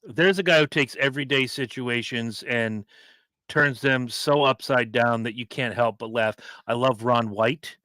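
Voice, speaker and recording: A man on a casual podcast with a bright, forceful voice, animated and quick to jump in with movie quotes. the sound is dry and close, with no room echo. he keeps things loose and chatty. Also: medium pitch. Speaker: podcast co-host. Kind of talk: casual chat.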